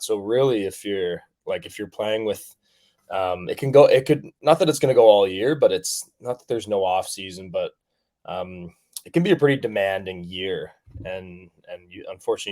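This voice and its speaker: Young male athlete from Canada, deep voice, loose filler-heavy interview talk. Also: a little mellow. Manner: rambling, many fillers and restarts. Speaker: professional rugby player guest. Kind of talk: casual interview chat.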